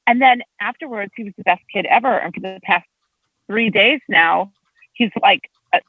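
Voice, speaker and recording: A woman state legislator, husky-voiced and unhurried, chats casually as a guest and tells stories with dramatic pitch swings. The audio is tinny, like a phone line, with no echo.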